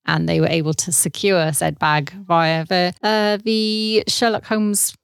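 A woman's voice: on the low side, level tone, measured pace, vocal fry, smooth, no echo, studio quality. A woman co-hosting a casual podcast, chatty and laughing often while telling a story. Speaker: podcast co-host. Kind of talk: casual chat.

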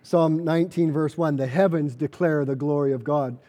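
A man's voice: fairly high pitch, steady tone, normal speed, dark tone. A man preaching a sermon, earnest and emphatic, repeating key phrases for weight. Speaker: pastor.

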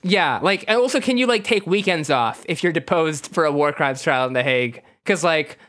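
A man's voice: fairly high pitch, animated, normal speed, fairly bright tone. A man co-hosting a comedy podcast, reading a gamebook aloud and breaking off into jokes and laughter. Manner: reads passages, breaks off into jokes, laughs a lot.

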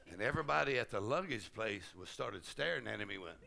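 A man preaching a sermon at a conference, exuberant, often laughing and shouting out. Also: on the low side, big pitch swings, fast, vocal fry, few pauses. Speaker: pastor. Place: conference hall. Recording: crowd heard in a hall.

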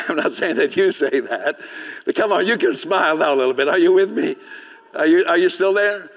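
A man's voice: a little high, expressive, moderate pace, fairly bright tone, in a large hall. A man preaching a sermon as pastor, speaking conversationally, often asking the congregation questions and laughing. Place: church sanctuary.

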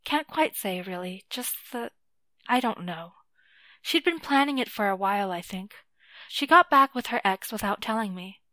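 A woman's voice: mid-range voice, expressive, normal speed, sharp tone, dry recording. A woman voicing a wry, bitter woman who works in a shop, in a dry recording. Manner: wry, casual swearing.

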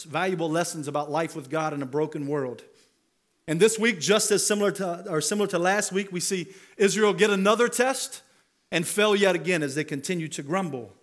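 A man preaching a sermon as pastor, talking conversationally and building to emphatic rhetorical questions. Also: a little high. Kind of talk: expository sermon.

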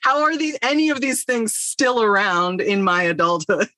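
Bright, lively young woman guest. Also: medium pitch, moderate pace, no room sound. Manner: laughs often, chatty with fillers. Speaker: actress and comedian, guest. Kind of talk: casual podcast chat.

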